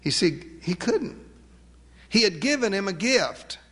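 A man preaching a sermon, emphatic, asking rhetorical questions and slowing down to stress key words. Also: sits high, very animated, pushed and bright, long reverb tail. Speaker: pastor.

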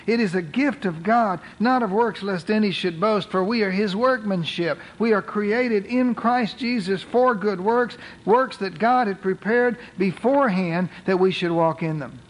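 Man, pastor, sermon, high voice, slow emphatic scripture reading. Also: poor audio.

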